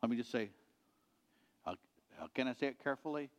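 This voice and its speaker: Earnest preacher with a reverberant hall sound. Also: male voice, mid-range voice, a little fast. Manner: earnest, repetitive exhortation, dropping quiet at ends of points. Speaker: pastor. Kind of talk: sermon.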